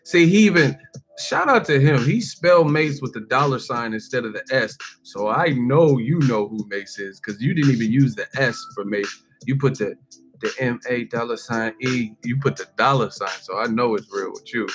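A man's voice: mid-range voice, moderate pace, soft background music. A man in his forties, host of a boxing channel, ranting casually to camera with jokes and laughter. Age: 40s. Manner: joking, acts out quoted voices, laughs often.

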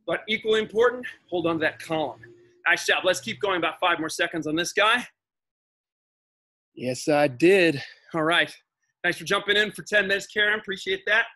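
Male fitness instructor, high bright voice, upbeat encouraging cues, counting down reps. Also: fast. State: slightly out of breath while exercising. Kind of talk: live workout coaching.

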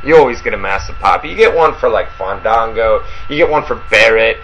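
A man's voice: lowish voice, expressive, brisk, a bit bright, highs cut off, slight background noise. A man co-hosting a casual wrestling talk show, rambling with many fillers and restarts. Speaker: podcast co-host.

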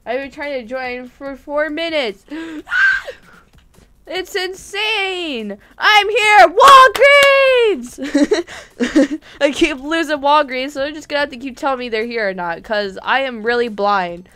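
A woman livestreaming a game, chatting to friends in the game in an excitable, giggly way, often shouting their names and apologizing. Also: high-pitched, measured pace, clean tone. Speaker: gaming livestreamer. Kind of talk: live gameplay chatter.

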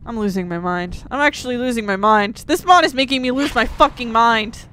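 A young woman giving gameplay commentary at a desk microphone, swearing constantly and breaking into angry shouted outbursts. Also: fairly high pitch, brisk, soft background music. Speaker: let's play host.

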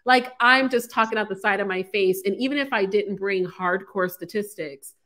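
A woman from San Francisco hosting a call-in show, talking in an animated, frank and emphatic way. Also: medium pitch, normal speed. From San Francisco, USA. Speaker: host. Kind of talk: casual call-in show chat.

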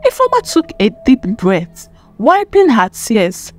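A woman narrating a dramatic story in an expressive, emphatic way. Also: on the high side, measured pace. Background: faint music.

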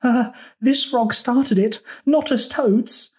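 A man voicing a small, nervous male toad in a storybook reading, high and excitable. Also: normal speed, slightly rough, exaggerated voice. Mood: excited.

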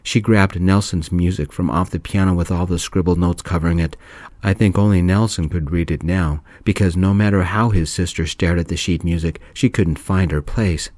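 Soft-spoken male narrator, very low deep voice, dry close sound. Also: steady tone, moderate pace, no echo. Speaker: storyteller.

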